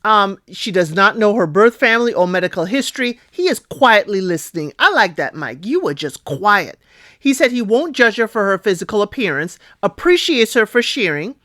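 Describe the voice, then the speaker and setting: A woman recapping a reality show in a chatty, expressive way, often asking "okay?" and calling out to her listeners. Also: medium pitch, moderate pace, no echo, studio quality. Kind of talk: casual recap commentary.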